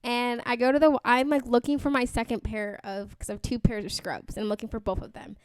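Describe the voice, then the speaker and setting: A young woman co-hosting a podcast, telling a story in an animated way, acting out quotes and laughing as she goes. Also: a little high, brisk, smooth. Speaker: podcast co-host. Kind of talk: casual chat, animated storytelling.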